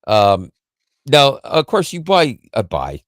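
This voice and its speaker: A man's voice: mid-range voice, wildly swooping pitch, slow, no room sound, studio quality. A man co-hosting a casual tech podcast, explaining an app in a rambling, self-correcting way with frequent chuckles.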